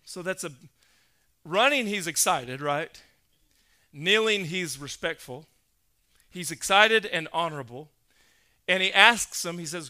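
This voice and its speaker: A male pastor preaching a sermon, emphatic, building to loud, insistent peaks and quizzing his congregation. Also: a little high, lively intonation, normal speed.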